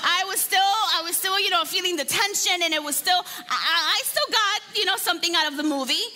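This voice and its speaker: A woman's voice: extremely high pitch, a little fast. A woman pastor praying and then preaching a sermon in a chatty, conversational way, asking the congregation questions. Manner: warm conversational preaching with laughs and audience questions. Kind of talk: sermon with opening prayer. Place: church hall. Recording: long hall reverb with faint music.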